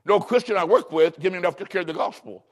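A pastor from Illinois delivers a sermon in a somewhat high male voice. He reads scripture solemnly and draws out key words with slow, dramatic emphasis.

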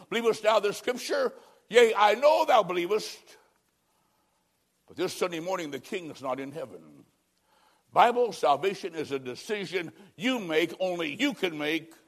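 A male preacher with a high voice delivers a fiery sermon. He swings from loud declarations to quiet, drawn-out phrases, slowing down to press his points home. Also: lively intonation. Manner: dramatic preaching with big swings between loud and hushed.

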